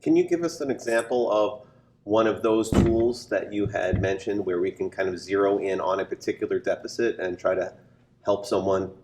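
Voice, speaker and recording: A man hosting a podcast, asking thoughtful, measured questions of his guest. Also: lowish voice, a little mellow, slight background noise. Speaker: podcast host. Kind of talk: interview questions.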